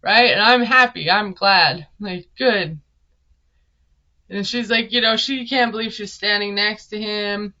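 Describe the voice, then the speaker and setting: This Minnesota TV recap vlogger talks through a reality show in a casual, sarcastic, chatty way, laughing often. Her medium-pitched voice is sharp and a little slow, and the recording is muffled.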